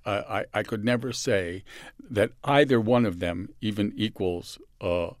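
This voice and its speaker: A lower-pitched man guesting on an interview, halting and reflective as he tells his own stories. He often restarts and sinks into a hush when he quotes someone. The sound is close and dry, with no room around him. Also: no echo. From San Francisco, USA. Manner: halting with restarts, soft dramatic dips when quoting others. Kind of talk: reflective personal storytelling.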